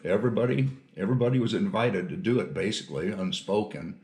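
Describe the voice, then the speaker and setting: A man's voice: fairly low pitch, expressive, fast talker, a little mellow. Older man telling firehouse stories, roomy echo. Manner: folksy, laughs through his stories. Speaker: retired firefighter, interview guest. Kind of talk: casual storytelling interview.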